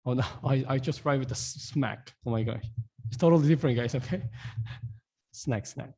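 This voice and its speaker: A young man teaching a casual online language lesson, repeating words slowly and often asking his viewers "guys". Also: medium pitch, darkish tone, slightly rough.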